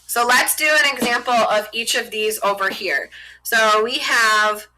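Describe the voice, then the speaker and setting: Bright-voiced woman teaching at a board. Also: a little high, a little slow, rough recording. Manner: talks while writing on a board, chatty and informal. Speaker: French teacher. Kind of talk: casual classroom explanation.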